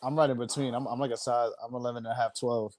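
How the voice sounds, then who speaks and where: A man's voice: mid-range voice, level tone, fast talker, crowd noise. A man in casual podcast chat, easygoing and agreeable, chiming in often. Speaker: podcast guest.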